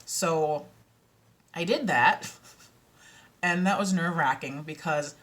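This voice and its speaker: A low-pitched, chatty young woman. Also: takes it slowly. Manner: chatty, excitable, giggly. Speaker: vlogger and audiobook narrator. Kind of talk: casual chat to camera. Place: at home, indoors.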